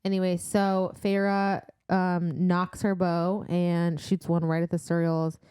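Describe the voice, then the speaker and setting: A young woman with a dark, mellow, fairly low voice, chatting casually about a book as a podcast co-host. She keeps breaking into quick acted-out lines for the characters. The sound is dry and close. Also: level tone, clear, resonant tone, no room sound.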